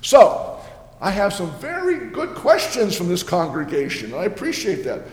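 A man's voice: sits high, huge pitch swings, normal speed. An actor playing a jovial, ancient male Reformation preacher, giving an earnest, homely first-person sermon with playful asides in a church. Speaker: preacher in character. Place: church sanctuary. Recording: echoey church hall.

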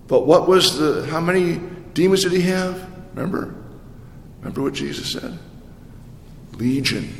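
A man preaching a sermon as a pastor, animated and full of rhetorical questions and repetition. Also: high voice. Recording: echoey hall with long reverb.

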